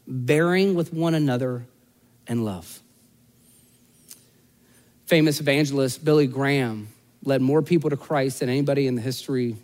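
A man's voice: mid-range voice, a little mellow. A man preaching a sermon as pastor, telling a personal story in a casual, self-deprecating, conversational way.

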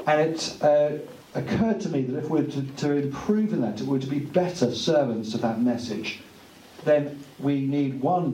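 A man giving an earnest, conversational speech at a book launch, pausing with fillers. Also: medium pitch, warm tone, a little hiss or hum. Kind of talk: informal speech to an audience. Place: room at a book launch event. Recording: echoey room, distant mic, faint ambience.

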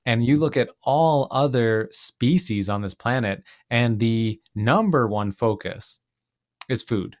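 A male podcast host talking in a relaxed, reflective way, with a medium-pitched voice. He winds through anecdotes and big-picture thoughts, sprinkling in "like" and "you know". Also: slow. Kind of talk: casual conversational interview.

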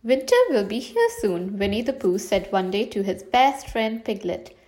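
A woman reading a children's storybook aloud, telling it gently and lifting into brighter voices for the characters. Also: mid-range voice, moderate pace. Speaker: storybook reader.

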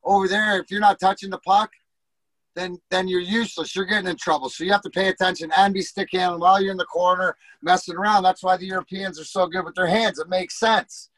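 A man's voice: sits high, fairly even intonation, fast, fairly bright tone, no room sound, poor audio. A middle-aged man, a former hockey player, telling rambling, profane locker-room stories and acting out the quotes. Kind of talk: casual storytelling.

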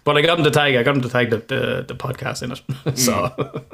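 A man's voice: mid-range voice, steady tone, a little fast, gravelly, fairly bright tone, slightly rough. A man co-hosting a podcast, telling funny stories with plenty of swearing and laughter. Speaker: podcast co-host. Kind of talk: casual podcast chat.

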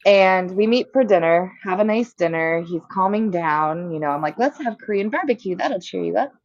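A young woman in mid-range pitch tells a long story in an exasperated way. She jumps high in pitch whenever she acts out what she said. The sound is dull and dry, as if recorded close in a small room. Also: animated, normal speed, no room sound. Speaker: co-host. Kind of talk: casual chat.

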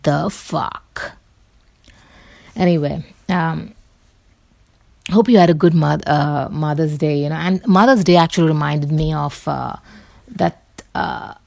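A woman's voice: low voice, fairly even intonation, moderate pace, gravelly, darkish tone, dry recording. A woman talking loosely to camera in a rambling, chatty way, full of fillers and the odd swear word. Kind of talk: casual rambling monologue.

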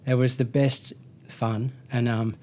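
An Australian motorcycle racer in his thirties tells a rambling story in casual chat, full of slang and restarts as he corrects himself. His darkish voice is medium-pitched with little pitch movement, and he talks slowly.

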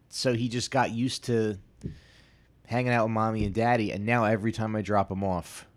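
A man in his thirties hosting a casual solo podcast, telling rambling, self-deprecating stories full of asides and restarts. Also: on the low side. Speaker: podcast host.

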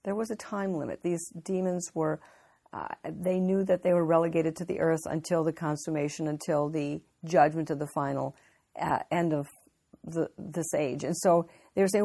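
A woman preaches in a conversational, earnest way, working through scripture off the cuff. Her voice sits on the lower side for a woman. She stops and restarts as she thinks aloud. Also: steady tone, normal speed, gravelly, mellow. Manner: unscripted, with frequent fillers and restarts, earnest. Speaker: Bible teacher. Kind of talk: conversational sermon.

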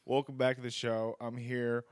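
A man's voice: mid-range voice, flat delivery, moderate pace, clean tone, dry recording, clean studio sound. A man hosting a podcast in casual chat, joking and teasing his guest, swearing freely. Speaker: podcast host.

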